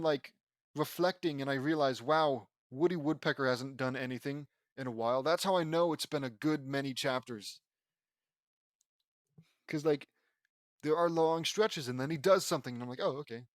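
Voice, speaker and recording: A man's voice: on the high side, normal speed, no room sound. A man reading a fan fiction audiobook aloud, breaking off into rambling, self-mocking asides.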